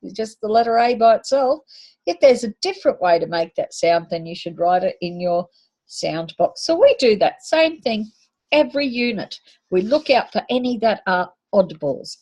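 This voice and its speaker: A woman's voice: mid-range voice, darkish tone. A woman teacher giving a patient phonics lesson to young children, sounding out letters and words.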